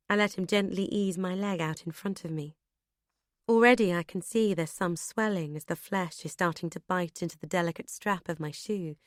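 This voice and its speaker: Female audiobook narrator, first person, brisk and expressive, close dry studio sound. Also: on the low side, no echo.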